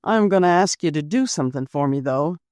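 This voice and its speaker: A woman doing a soft-spoken young working man. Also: low-pitched, expressive, brisk, no echo, clean studio sound. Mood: earnest.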